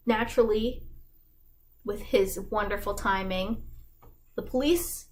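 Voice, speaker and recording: A woman's voice: medium pitch, slow, pauses often, slight background noise, low-quality recording. A woman giving a casual, slangy plot summary, chatty and full of likes. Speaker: fandom explainer host.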